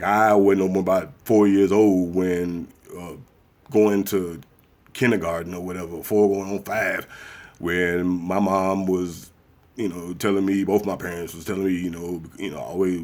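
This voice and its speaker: A man, talking bluntly and profanely in a casual ranting monologue. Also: darkish tone. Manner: blunt, profane, acts out others in high mocking voices. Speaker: commentary vlogger.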